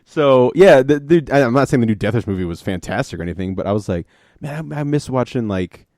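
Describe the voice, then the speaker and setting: A man co-hosting a casual podcast, talking in a rambling way with lots of fillers and animated retellings. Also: lowish voice, fast, dry recording, clean studio sound. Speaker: podcast co-host. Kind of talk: casual chat.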